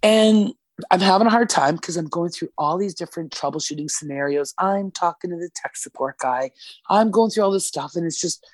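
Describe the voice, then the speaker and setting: A woman's voice: on the low side, a little fast, no echo. Woman swapping work stories on a podcast, cursing a lot, dry close sound. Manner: swearing, animated storyteller acting out quotes. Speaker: guest telling a work story. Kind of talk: casual chat. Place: podcast studio.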